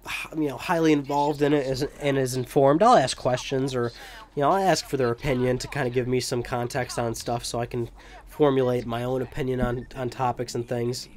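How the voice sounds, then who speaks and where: A man's voice: medium pitch, steady tone, fairly quick. A young man giving rambling, joking commentary over gameplay, with profane asides. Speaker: let's play commentator.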